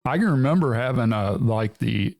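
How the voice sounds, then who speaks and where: A man's voice: medium pitch, animated, normal speed, gravelly, darkish tone, dry recording, clean studio sound. A man as a podcast guest, an army veteran casually recalling barracks life and agreeing easily. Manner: easygoing, lots of agreeing yeahs. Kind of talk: casual chat, reminiscing.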